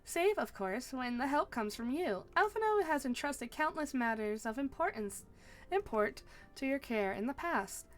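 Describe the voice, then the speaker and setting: A woman's voice: high-pitched, big pitch swings, faint music behind. A woman reading an earnest young heroine. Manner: measured, formal read-aloud delivery with stumbles. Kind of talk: reading game dialogue aloud.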